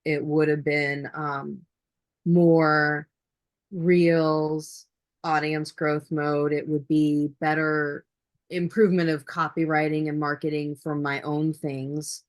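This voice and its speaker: A low-pitched woman speaks as a client on a coaching call. She thinks aloud and lists her plans in halting pieces. Her voice sounds dry and close. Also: no echo.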